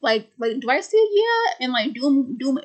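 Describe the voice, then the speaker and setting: A woman voicing a weary older male doctor in her own voice, speaking in hesitant, halting phrases. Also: high voice, sing-song, full character voice. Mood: torn.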